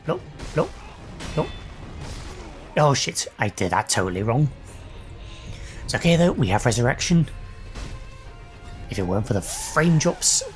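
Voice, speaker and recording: A man's voice: on the low side, a little mellow. A young adult man casually commentating his own gameplay, swearing and reacting aloud as he fights. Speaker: gaming channel host.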